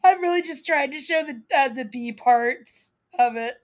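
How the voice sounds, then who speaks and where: A woman's voice: high-pitched, moderate pace. A woman hosting a stream, commenting in a casual, amused, laid-back way on clips she plays. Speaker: host reacting to clips.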